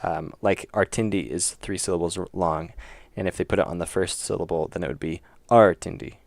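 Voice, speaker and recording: Deep gravelly man thinking aloud. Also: fairly even intonation, a little fast, no echo. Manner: thinks aloud, joking and self-correcting. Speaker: indie game developer streaming. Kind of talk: casual livestream chat while working.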